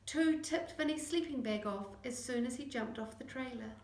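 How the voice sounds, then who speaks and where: A woman narrating a children's chapter book, acting out the dialogue in lively voices. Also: high voice, normal speed. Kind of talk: audiobook reading. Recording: echoey room.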